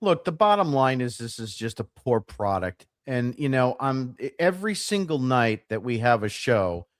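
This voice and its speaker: Male podcast co-host, animated blunt arguing, dry close sound. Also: a little high, no echo. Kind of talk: sports podcast discussion.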